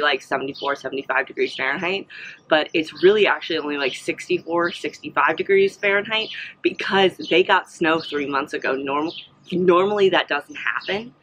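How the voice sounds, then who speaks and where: A young woman chats through a travel vlog recap in a bright, clear voice, rambling along with plenty of fillers and restarts. She has the hiccups. A faint hiss of noise sits under her voice. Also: sits low, poor audio. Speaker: vlogger. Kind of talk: casual chatty travel recap.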